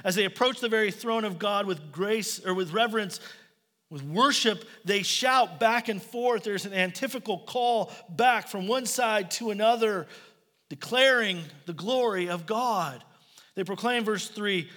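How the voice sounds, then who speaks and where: A man's voice: high voice, measured pace, bright, forceful tone, in a large hall. A man preaching a sermon as pastor, building to emphatic declarations.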